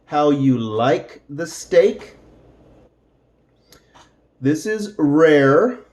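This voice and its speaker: A middle-aged man teaching English slowly to Spanish speakers, repeating each word and adding Spanish glosses. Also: fairly high pitch, darkish tone.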